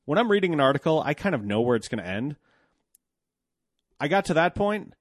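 A man's voice: on the high side, very animated, a little fast, long pauses, no echo, studio quality. A man in his thirties telling a candid personal story about work, blunt and profane, growing heated when indignant.

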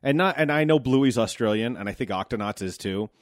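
Speaking a little fast with an expressive, mid-range voice, a US podcaster in his thirties chats casually about his day. He's wry, loose, and swears freely. The studio-quality recording has no echo.

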